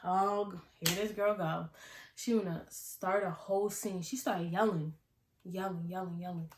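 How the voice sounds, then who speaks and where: A young woman telling a casual storytime vlog, acting out her own past lines with animated delivery. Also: on the low side, measured pace, a little hiss or hum. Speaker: vlogger. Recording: echoey room.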